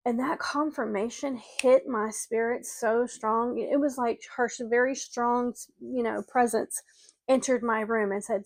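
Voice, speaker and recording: A middle-aged woman with a fairly high voice tells a personal story of loss in an earnest, emotional way. She speaks directly to grieving listeners as a spiritual coach. The sound is dry and close, with no room around it. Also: steady tone, measured pace, dry recording.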